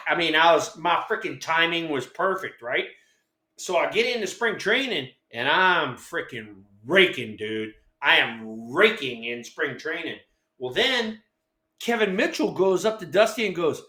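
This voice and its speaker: Man in his 60s, co-host. Loud, excitable storyteller with a bright, forceful voice, roomy echo. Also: high voice. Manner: animated, profane, acts out quotes in voices. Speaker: co-host, former ballplayer. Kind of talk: casual storytelling chat.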